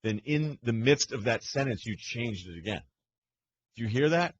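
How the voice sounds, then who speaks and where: A man's voice: mid-range voice, animated, moderate pace. A man co-hosting a sports radio show, telling stories in dry, casual banter. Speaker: co-host. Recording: slightly muffled with faint noise.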